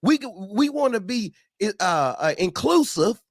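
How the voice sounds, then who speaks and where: A man's voice: high-pitched, very animated, measured pace, dry recording, clean studio sound. A man ranting angrily on a talk show, swearing constantly and repeating himself as he gets heated. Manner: angry, swearing, repetitive outbursts. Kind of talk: heated profane rant.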